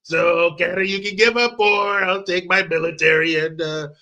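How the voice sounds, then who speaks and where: A man doing a blustering, boastful president, folksy and crude, who rambles along while pretending to apologize. The voice sits a little high and bright. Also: steady tone, normal speed. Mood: mock apologetic.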